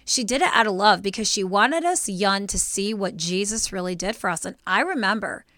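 Bright-voiced emotional woman. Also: medium pitch, brisk, no echo, studio quality. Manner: emotional, animated storytelling. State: teary. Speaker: podcast co-host. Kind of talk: casual faith talk.

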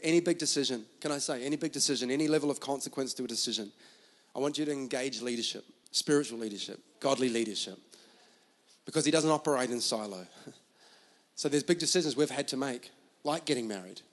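A man's voice: mid-range voice, fairly quick. A male pastor preaching a sermon from a stool, pressing his points through emphatic repetition and "come on" exhortations. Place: church stage, seated on a stool.

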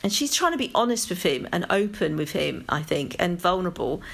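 London woman, low-pitched, chatty podcast co-host, rambly and lively. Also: fairly quick, creaky. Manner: chatty, rambling, animated asides. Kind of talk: casual chat about TV.

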